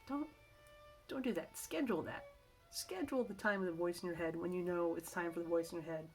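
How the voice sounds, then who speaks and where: A middle-aged woman chatting casually to camera in a vlog, rambling and self-correcting as she shares work-from-home tips. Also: lowish voice. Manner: rambling, chatty, with many restarts and asides.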